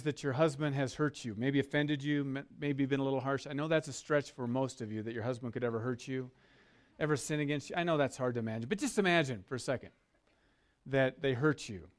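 A man preaching a sermon as a pastor, earnest and leading his listeners to repeat words with him. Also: mid-range voice. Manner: earnest, leads congregation call-and-response.

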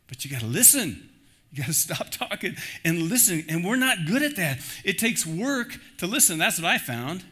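A man pastor preaching a sermon in an animated way, acting out the voices he quotes. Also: high voice, moderate pace.

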